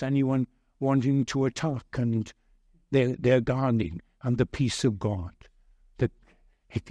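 A man preaching a sermon as pastor, earnest and heavy with repetition and pauses. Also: medium pitch, a little mellow, no room sound, studio quality.

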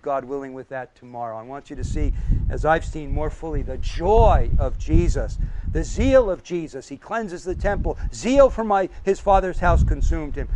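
A man's voice: a little high, highs cut off, noisy background. A man preaching a sermon with emphasis, listing his points one by one and asking the audience questions.

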